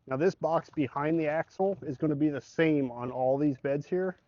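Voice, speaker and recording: A man's voice: on the high side, normal speed, mellow, a little hiss or hum. A man giving a casual, conversational product walkthrough as a salesman, explaining specifications plainly. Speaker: truck bed salesman. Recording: slightly dull, dry recording.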